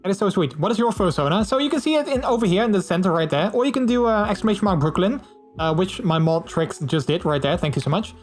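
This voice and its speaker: Chatty man streamer with soft music. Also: high-pitched, lively intonation, fast. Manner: chatty, warm, many fillers and restarts. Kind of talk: casual chat reading viewer messages.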